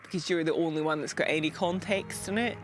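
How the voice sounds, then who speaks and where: Scottish woman, low voice, candid and chatty. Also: fast, over music, low-quality recording. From Scotland. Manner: chatty and candid, laughs often, drops to whispers. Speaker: endurance cyclist. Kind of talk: personal video diary and reflective narration.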